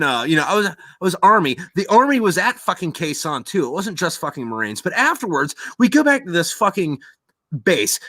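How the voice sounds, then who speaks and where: A man's voice: fairly high pitch, bright, forceful tone, dry recording. A man hosting a podcast, telling a rambling, profane war story in casual chat and acting out quoted voices. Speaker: podcast host.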